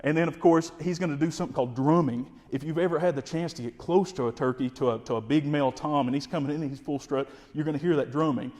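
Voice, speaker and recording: A man with a Kentucky accent, explaining turkey calling in a folksy, energetic way and imitating the birds. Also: a little high, fast talker, few pauses, in a large hall. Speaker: wildlife information specialist. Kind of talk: instructional explanation.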